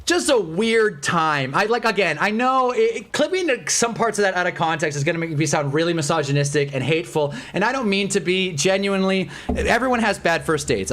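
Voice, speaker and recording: A young man livestreaming, telling a rambling, animated, self-mocking story in casual chat. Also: fairly high pitch. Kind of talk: casual storytelling on a live stream.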